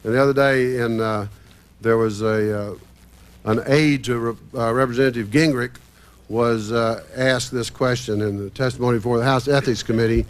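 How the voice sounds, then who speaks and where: A man's voice: mid-range voice, steady tone, moderate pace. A man speaking as a panel guest, telling anecdotes in a hesitant way with frequent fillers. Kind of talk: panel discussion.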